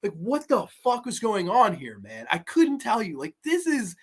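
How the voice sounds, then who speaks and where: Male streamer, casual horror-review host, swears freely, excitable, banters with chat. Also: high-pitched, normal speed, breathy edge. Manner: profane, excitable, reacts to chat. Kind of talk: casual livestream commentary.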